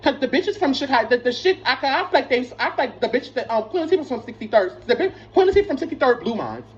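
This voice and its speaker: A woman's voice: high-pitched, big pitch swings, fast talker. Rambling, cursing young woman telling a story. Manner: rambling, profane, many restarts and fillers. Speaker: vlogger. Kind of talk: casual storytime. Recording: slightly dull lo-fi sound with faint noise.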